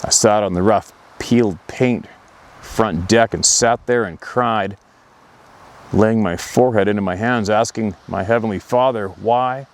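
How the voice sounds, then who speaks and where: A man, host of an outdoors channel, earnestly recounting a painful personal memory in slow, emotional storytelling. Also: fairly low pitch.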